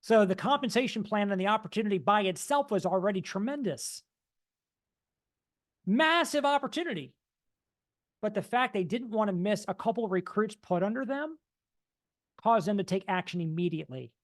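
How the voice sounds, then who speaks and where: A man giving an energetic motivational talk, mimicking dull and excited voices to make his point. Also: high voice, normal speed, pauses often. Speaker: motivational speaker.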